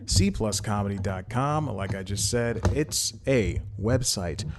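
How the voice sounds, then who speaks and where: A young man hosts his own podcast from home in a storm-hit city, rambling casually on his own and often laughing at himself. His voice sits on the low side with a darkish tone, lively intonation, and a slightly slow pace.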